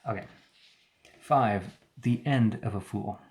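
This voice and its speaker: Lower-voiced man reading scripture aloud. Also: darkish tone. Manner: reads archaic text, pausing to paraphrase words and comment. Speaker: streamer reading the Bible aloud. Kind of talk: live-streamed scripture reading with commentary.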